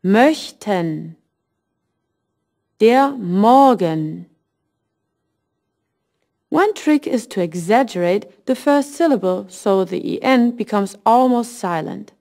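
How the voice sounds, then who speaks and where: A woman narrating a scripted language lesson, saying example phrases slowly and clearly. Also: fairly high pitch, animated, darkish tone. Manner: slow, clear, modelling phrases at half speed. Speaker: language teacher.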